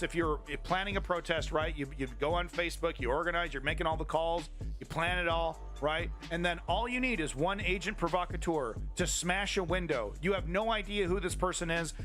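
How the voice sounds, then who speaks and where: Man, live-stream host, heated, profane, rambling, higher pitch, soft background music. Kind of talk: angry political commentary to chat.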